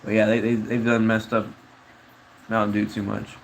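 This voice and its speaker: A man's voice: on the low side, completely flat delivery, normal speed, creaky, slight background noise, low-quality recording. A man chatting casually on a livestream, reading chat in a rambling, slangy way with frequent laughs.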